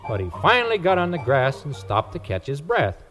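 A man narrating a children's tale. His pitch rises and falls animatedly, and clear music plays beneath on a vintage record. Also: brisk. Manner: folksy rural storytelling, lively voices. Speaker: storyteller. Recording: old record with music behind.

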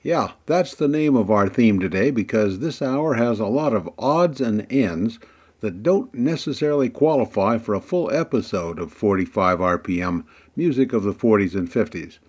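A man's voice: on the low side, expressive, moderate pace, darkish tone, husky. A man hosting a music radio show, chatty and playfully building suspense before each record. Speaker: radio host.

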